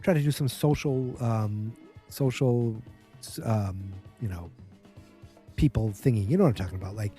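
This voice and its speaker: A man's voice: lowish voice, warm tone, faint music behind. A man hosting a podcast, casually recapping a TV episode in a rambling way and acting out characters' quotes. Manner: rambling, acts out quotes in quick bursts. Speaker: podcast host.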